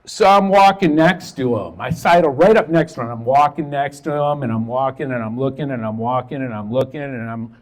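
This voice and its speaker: A man's voice: medium pitch, brisk, few pauses. A middle-aged man telling a personal story in a casual, profane way, acting out the dialogue as he goes.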